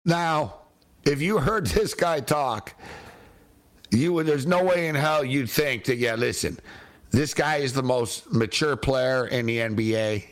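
A man's voice: medium pitch, a little slow. A man hosting a casual sports talk show, chatty and slangy, laughing often between points.

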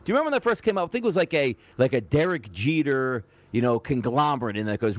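A man co-hosting a sports talk show, bantering casually and acting out imagined quotes in an animated way. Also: medium pitch, fast, few pauses, no room sound. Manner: animated, jokey, acts out quotes. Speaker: sports radio co-host.

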